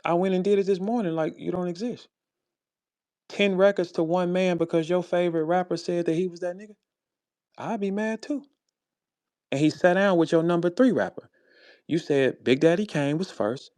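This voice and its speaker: A man from St. Louis on a fiery, unscripted rant, with a voice pitched a touch high for a man. He talks bluntly and coarsely, drops into low muttering, then flares up high again. The sound is close and dry, with almost no room around him. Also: darkish tone, no room sound. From St. Louis, USA. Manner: blunt, profane, swings between low grumbling and high-pitched outbursts. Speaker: rapper speaking in an audio chat room. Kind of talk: heated casual rant.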